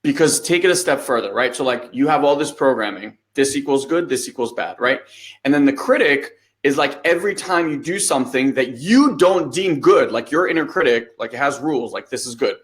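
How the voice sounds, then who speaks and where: A man in his thirties co-hosts a podcast in casual conversation. He talks at an ordinary middle pitch and tells stories in a loose, animated way, swearing now and then and acting out what people said. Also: a little fast. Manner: animated storytelling, acts out quotes, swears casually. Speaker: podcast co-host.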